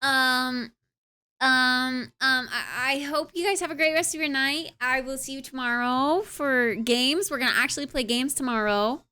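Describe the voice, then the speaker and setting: A woman's voice: high-pitched, unhurried, pushed and bright, clean tone. A young woman streamer wrapping up her live stream in casual, rambling chat, with lots of filler sounds and playful asides. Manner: playful, tries out accents.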